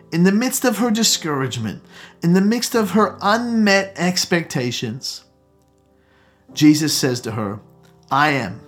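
A man preaching a sermon with rising emphasis and call-outs to the congregation. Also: a little high. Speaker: pastor. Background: soft guitar music.

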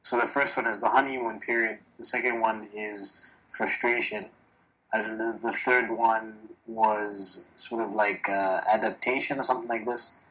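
A man's voice: lowish voice, fairly even intonation, moderate pace, fairly bright tone, rough recording. A man chatting casually on a podcast, candid and profane, telling stories with animation. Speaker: podcast guest. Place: lives in China, recorded remotely or in a room.

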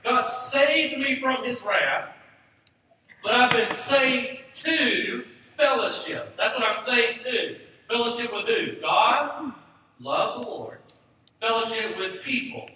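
A man's voice: very high-pitched, slow, bright, forceful tone, slight background noise. Emphatic preaching man in an echoey hall. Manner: emphatic preaching with repeated rhetorical questions. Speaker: pastor. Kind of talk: sermon. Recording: distant echoey church hall.

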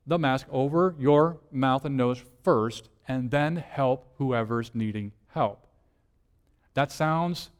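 A lead minister, male and mid-range in pitch, delivers a conversational sermon in a large hall. He asks rhetorical questions and moves between soft, hushed lines and emphatic ones.

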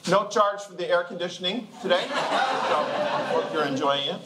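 An older man delivers a relaxed, joking sermon and laughs easily between phrases. His voice sits high. The church around him rings with echo, and a steady hum of noise runs underneath. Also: moderate pace. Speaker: guest preacher. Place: church sanctuary. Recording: echoey room with background noise.

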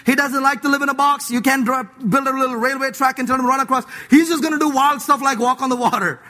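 Man preaching a sermon, very high voice, bright and forceful, playful and animated, casual slang. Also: fast. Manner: mixes scripture with slang like "dude".

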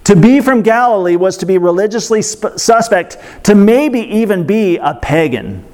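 A man's voice: high-pitched, lively intonation, normal speed, a little mellow. A man preaching a sermon in a conversational way, breaking off into asides and fillers. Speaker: pastor.

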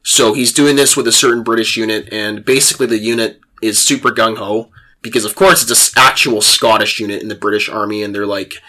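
Lively bright-voiced male podcast host. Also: on the low side, fairly quick. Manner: animated storytelling, laughs, frequent restarts. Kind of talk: casual chat.

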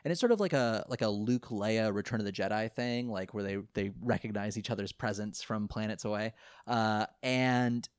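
A man casually recapping an anime episode, rambling and animated, often laughing and quoting the characters. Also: fairly low pitch, normal speed, clean tone, no room sound, clean studio sound. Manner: rambling, animated retelling with laughs and quoted lines. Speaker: podcast co-host recapping an anime. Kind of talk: casual chat.

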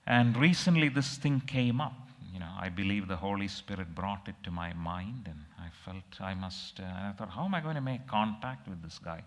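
A middle-aged man preaching, telling a personal story in a halting, emotional, reflective way. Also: sits low, lively intonation, fairly bright tone, long reverb tail.

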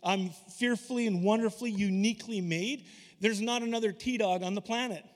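A man preaching a sermon, animated and emphatic, slipping into voices when he retells scripture. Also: high-pitched, fairly quick. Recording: long hall reverb.

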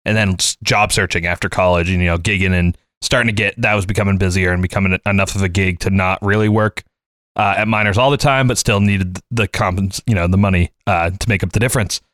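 A man's voice: sits low, quick pace, dry recording, clean studio sound. A man in his late twenties or thirties on a casual podcast, telling a workplace story and acting out the dialogue with frequent laughs. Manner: animated anecdote teller, acts out dialogue, laughs often.

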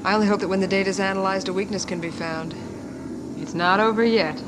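An actress playing a poised young princess who speaks in a crisp, brisk, cool way. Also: female voice, medium pitch, fairly even intonation, lightly acted. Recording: old film soundtrack with hiss.

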